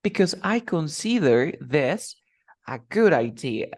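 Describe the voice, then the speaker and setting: A man's voice: a little high, sing-song, slow, no room sound, studio quality. A man teaching English one-to-one online, patiently repeating example phrases.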